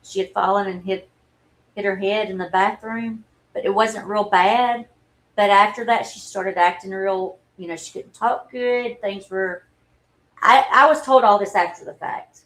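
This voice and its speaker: A woman, telling a personal story in a halting, earnest and openly emotional way on a livestream. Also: medium pitch, steady tone, fairly bright tone, rough recording. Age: 40s. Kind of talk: candid personal livestream talk.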